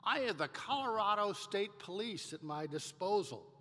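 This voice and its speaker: A man's voice: high voice, expressive, moderate pace, fairly bright tone, big-room sound. A man quoting a tired, indignant male governor who pleads and then turns self-important. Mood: aggrieved.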